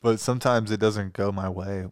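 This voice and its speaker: A man's voice: on the low side, steady tone, moderate pace, smooth, no room sound, studio quality. A man hosting a casual podcast chat as a stand-up comedian, laughing often and swearing casually.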